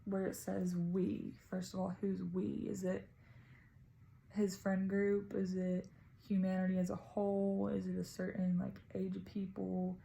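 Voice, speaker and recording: A woman's voice: medium pitch, monotone, unhurried, gravelly, mellow, a little hiss or hum, rough recording. A woman casually talking through her reading of a poem, tentative and thinking aloud as a student presenting. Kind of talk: casual spoken poem analysis.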